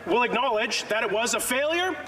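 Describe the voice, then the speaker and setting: A man's voice: extremely high pitch, lively intonation, fairly quick, sharp tone, big-room sound, far from the mic, a little hiss or hum. A man asking pointed, insistent questions as a member of parliament.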